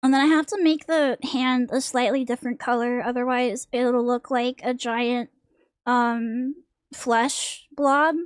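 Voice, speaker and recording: High-voiced young woman streamer, slow and joking. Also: steady tone, smooth, no echo. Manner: rambling, joking, crude. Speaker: vtuber streamer. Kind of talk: casual stream chat while drawing.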